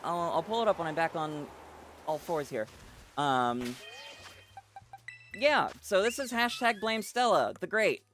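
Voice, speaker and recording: Male game streamer, casual live chat to viewers, slightly raised pitch, lots of ums and restarts. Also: expressive, a little slow, pauses often, a bit bright, faint music behind. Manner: chatty, reads chat aloud, many fillers and restarts.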